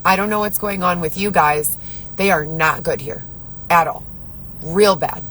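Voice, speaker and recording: A woman's voice: lowish voice, measured pace, fairly bright tone, slight background noise, poor audio. A woman talking to camera in her car, rambling in an agitated, profane way as she vents to her viewers. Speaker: vlogger. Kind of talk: venting monologue to camera.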